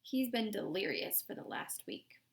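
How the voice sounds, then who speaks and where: A woman's voice: mid-range voice, sing-song, a little slow. A woman voicing a lying, defensive female camp warden who makes excuses.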